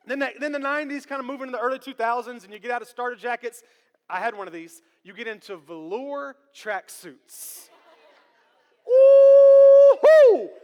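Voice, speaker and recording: A man in his thirties preaching a sermon as pastor, animated and joking with the congregation. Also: very high voice. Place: church sanctuary. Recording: long church hall reverb.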